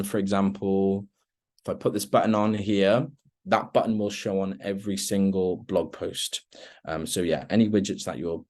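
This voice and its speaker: A man leading a relaxed screen-share demo of a software tool in an online meeting, with lots of ums as he walks through each step. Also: sits low. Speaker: product trainer.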